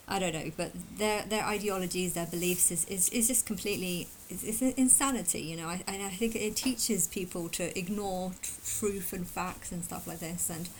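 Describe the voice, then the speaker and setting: A woman vlogger talking fast in a casual, emphatic and indignant opinion monologue. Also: fairly low pitch, a little hiss or hum, poor audio. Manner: fast talker.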